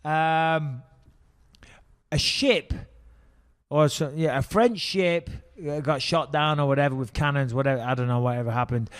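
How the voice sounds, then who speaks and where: Brief: middle-aged English man, podcast co-host, rambling storyteller who swears freely, voice a touch high. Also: moderate pace, clear, resonant tone. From England. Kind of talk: casual podcast chat.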